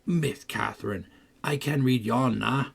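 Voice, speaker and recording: A man doing an awkward rough-spoken young farmhand. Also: medium pitch, full character voice. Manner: slow, clumsy drawl. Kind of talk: audiobook narration.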